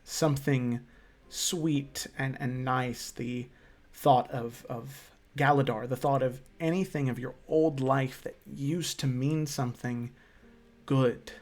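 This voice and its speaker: A man's voice: medium pitch, steady tone, slow pace, a little mellow. A man narrating a tabletop fantasy game as game master, describing scenes with hesitant restarts. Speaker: dungeon master.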